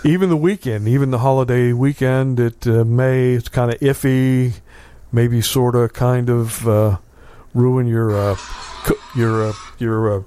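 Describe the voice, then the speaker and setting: Smooth-voiced man hosting local radio. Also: mid-range voice, fairly even intonation, mellow. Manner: halting, many uh fillers. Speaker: radio host. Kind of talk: casual local radio chat. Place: small radio studio.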